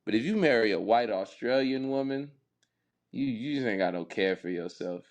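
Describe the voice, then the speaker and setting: Guy cracking blunt mocking jokes, regular pitch. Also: animated, normal speed. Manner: blunt, mocking, jumps into high put-on voices. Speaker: co-host. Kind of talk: casual chat.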